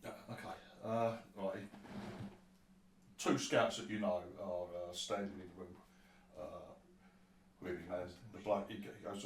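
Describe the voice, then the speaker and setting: Low-voiced sweary game master. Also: male voice, steady tone, unhurried, pauses often, a little hiss or hum. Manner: rambling and sweary, with many restarts. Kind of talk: narrating a tabletop game. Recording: roomy sound from a distant mic with faint ambience.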